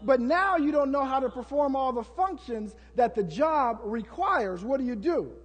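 A man preaching a sermon as pastor, building to shouts and acting out prayers to the congregation. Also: very high voice, lively intonation, moderate pace, big-room sound.

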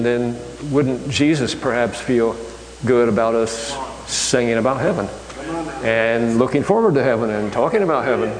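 A man giving a folksy lay sermon in a church hall, halting, with many fillers. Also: medium pitch. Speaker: lay preacher. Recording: echoey hall with faint hum.

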